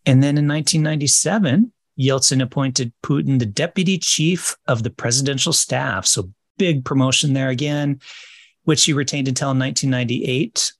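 A man's voice: medium pitch, dry recording. A man co-hosting a casual history podcast, explaining events steadily and correcting himself now and then. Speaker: podcast co-host.

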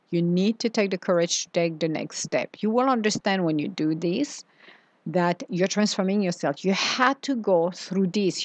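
A woman coaching listeners through a motivational spiritual talk in a calm, unhurried voice that stretches out its phrases. Her voice sits at an ordinary middle pitch. The sound is close and dry, with no room echo. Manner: slow, soothing, drawn-out phrasing.

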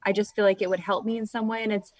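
A woman's voice: mid-range voice, level tone, racing, darkish tone, no room sound. Woman co-host; reflective and candid, dry close sound. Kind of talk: casual chat.

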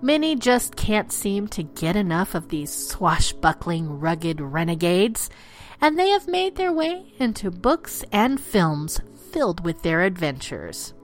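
Playful woman host spinning dark legends. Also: on the low side, big pitch swings, slow, faint music behind. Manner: playful, theatrical, slips into pirate talk. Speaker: podcast host. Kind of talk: storytelling narration of dark legends.

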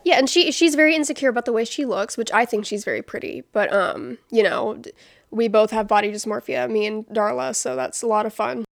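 A young woman co-hosting a podcast in casual chat, telling a story animatedly and acting out quotes loudly, with many fillers and swearing. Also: fairly high pitch, fairly quick, vocal fry, no room sound, studio quality. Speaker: podcast co-host.

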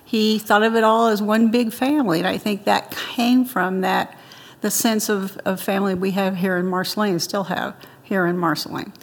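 A woman's voice: medium pitch, fairly even intonation, moderate pace, long reverb tail. An older woman being interviewed, telling childhood stories in a chatty way and laughing often. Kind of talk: interview storytelling.

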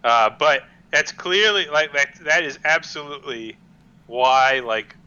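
Bright, crisp-voiced man, lo-fi sound. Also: fairly high pitch, unhurried. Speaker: podcast co-host. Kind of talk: casual chat. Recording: dull lo-fi sound.

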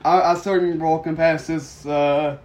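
A young man co-hosting a podcast, telling high school stories in casual chat, laughing and swearing and acting out the people in them. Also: steady tone, a little slow, darkish tone, slight background noise. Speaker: podcast co-host. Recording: echoey room.

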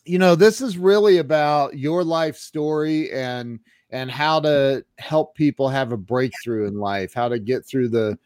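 A man's voice: medium pitch, unhurried, hardly any pauses, darkish tone, no echo. A man hosting a casual live-stream interview, jokey and chatty, greeting viewers by name. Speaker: podcast host.

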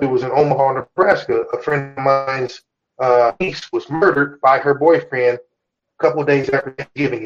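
A man's voice: a little high, lo-fi sound. A man hosting a podcast, talking in a blunt, profane, emphatic way as he lectures his listeners. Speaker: podcast host. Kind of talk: casual opinionated podcast talk.

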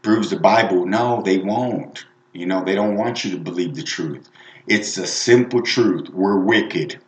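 A man's voice: low voice, unhurried. A man giving informal, rambling preaching to listeners, emphatic and conversational with many asides. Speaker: lay evangelist. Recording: roomy echo.

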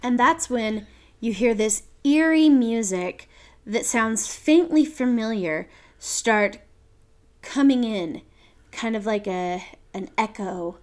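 A woman's voice: medium pitch, a little mellow. A woman co-hosting a casual chat, enthusiastically retelling a musical's plot and slipping into quoted voices. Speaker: podcast co-host.

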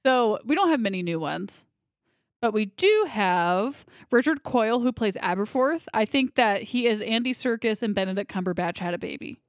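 A woman's voice: medium pitch, animated, normal speed, no room sound. A woman co-hosting a podcast, chatting casually and rambling about movies, laughing easily. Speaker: podcast co-host. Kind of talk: casual movie-review chat.

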